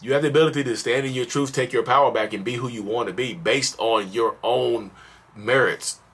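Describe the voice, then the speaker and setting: A man's voice: mid-range voice, fairly quick, breathy edge. A man hosting a mental health vlog, giving casual, preachy advice straight to camera, repeating himself for emphasis and breaking into acted voices. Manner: preachy, repetitive, animated, slips into acted voices.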